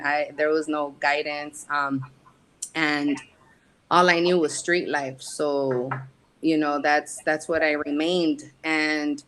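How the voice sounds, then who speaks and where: A woman guest in an interview, telling her life story frankly with streetwise slang and halting pauses. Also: low-pitched, fairly bright tone, rough recording. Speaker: guest, casting company founder. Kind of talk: candid personal storytelling in interview.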